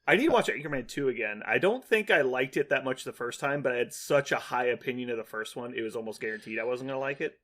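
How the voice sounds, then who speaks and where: A man co-hosting a podcast in casual chat, quickly and animatedly retelling movie scenes. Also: mid-range voice, lively intonation, a bit bright. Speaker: podcast co-host.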